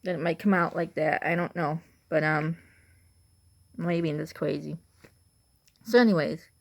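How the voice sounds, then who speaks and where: A young woman from Illinois with an Illinois accent, rambling through a casual vlog monologue with lots of "like" and restarts. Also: medium pitch. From Illinois, USA. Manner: chatty, full of "like" and restarts. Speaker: vlogger.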